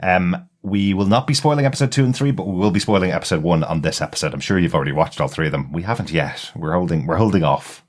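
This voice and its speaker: A man hosts a casual podcast in a very low, deep voice. He talks at length in a relaxed way, chuckling often and dropping in plenty of "uh" fillers. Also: fast, hardly any pauses. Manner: chatty, laughs often, frequent "uh" fillers. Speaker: podcast host.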